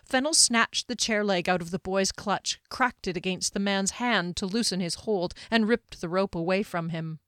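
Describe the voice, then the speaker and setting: A woman narrating a fantasy novel in a steady storytelling voice, lifting her pitch when she voices characters. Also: moderate pace, hardly any pauses, clean tone, no room sound, clean studio sound. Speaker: audiobook narrator.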